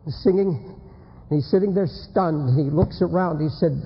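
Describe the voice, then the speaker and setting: A male preacher giving an urgent, dramatic revival sermon, swinging between shouts and hushed warnings. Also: on the high side, normal speed. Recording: dull old tape with long reverb.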